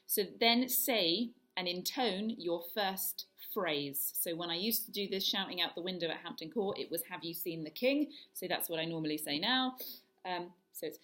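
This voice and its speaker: A woman voice coach leading a guided vocal warm-up, talking through each exercise step by step. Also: on the low side, moderate pace. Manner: demonstrates yawns, hisses, hums and sirens; instructive, step-by-step.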